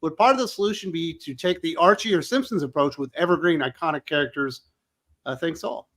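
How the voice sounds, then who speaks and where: Male host, high voice, reads viewer comments, brisk, live show. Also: a bit bright.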